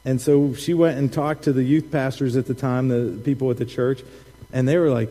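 Animated man preaching in a reverberant hall. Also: medium pitch, moderate pace. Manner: animated, laughing storyteller acting out quotes. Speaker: pastor. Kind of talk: sermon with personal storytelling. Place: church sanctuary.

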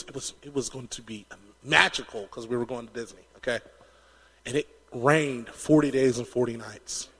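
A man preaching a sermon, telling stories in an animated way and laughing often. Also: mid-range voice, long reverb tail.

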